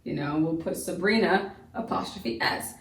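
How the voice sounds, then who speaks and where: This homeschool teacher speaks at normal speed in a fairly low, gravelly voice during a recorded classroom lesson. Her delivery is casual and talky, full of fillers, repeats and restarts. She's captured from a distance in a reverberant room.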